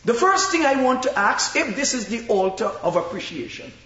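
Slow, echoey high-voiced male preacher. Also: big pitch swings, pushed and bright. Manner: slow, emphatic preaching with long pauses. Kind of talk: sermon. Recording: very echoey, dull-sounding room.

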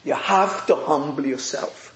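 A man preaching a sermon with passion, rising at times to shouting. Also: on the high side, a little slow, slight background noise. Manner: impassioned, rises to shouting. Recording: echoey room.

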